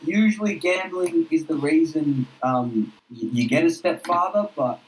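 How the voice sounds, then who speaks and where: A man's voice: fairly high pitch, measured pace, a little hiss or hum, rough recording. A man co-hosting a comedy podcast, telling a rambling story. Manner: rambling, laid-back storyteller. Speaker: podcast co-host. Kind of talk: casual comedy chat.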